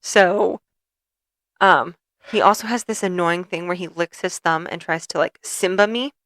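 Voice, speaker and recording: A woman's voice: lowish voice, measured pace, fairly bright tone, no echo. A young woman co-hosting a podcast in casual chat, playful and teasing as she tells stories. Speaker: podcast co-host.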